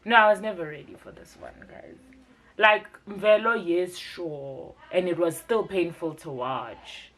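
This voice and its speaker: A woman's voice: on the low side, a little slow, a bit bright. A South African woman hosting a casual, chatty TV recap vlog, mixing local words into her commentary. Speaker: TV review vlogger.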